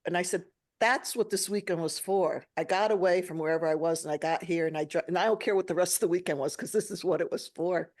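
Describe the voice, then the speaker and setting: A woman podcast host with a lowish voice tells a personal story at a quick pace. She's emotional and animated, acting out the dialogue as she goes.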